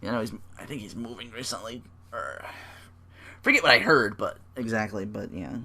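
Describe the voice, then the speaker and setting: Bright-voiced man rambling casually. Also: on the low side, animated, moderate pace, a little hiss or hum. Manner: rambling, filler-heavy, swears freely. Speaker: podcast host. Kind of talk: casual solo podcast talk.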